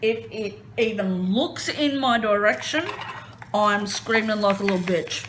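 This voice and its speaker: A woman chatting casually as she crafts, retelling a story in an expressive, animated way. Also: mid-range voice, measured pace, slight background noise. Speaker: crafting vlogger.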